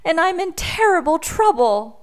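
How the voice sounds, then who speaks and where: A woman voicing a high, frightened little lost boy. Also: animated, takes it slowly, bright, forceful tone, heavily acted. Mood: worried.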